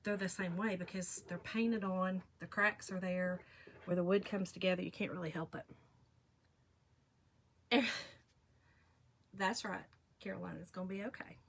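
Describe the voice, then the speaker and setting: A middle-aged woman chats and rambles to viewers while crafting on a live stream, laughing often and talking to them directly. Her voice is lowish and gravelly with a steady tone, and she speaks at normal speed, pausing often.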